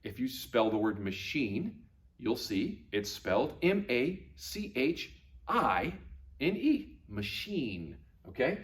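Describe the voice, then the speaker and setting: Animated male teacher demonstrating sounds. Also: medium pitch. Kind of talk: classroom lesson on Latin pronunciation.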